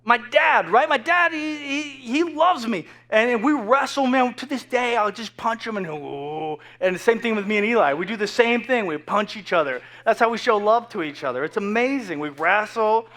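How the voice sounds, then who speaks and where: A man's voice: high voice, fairly quick, few pauses, a bit bright. A man in his thirties preaching a casual, joking sermon full of asides to the congregation. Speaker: pastor. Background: faint crowd.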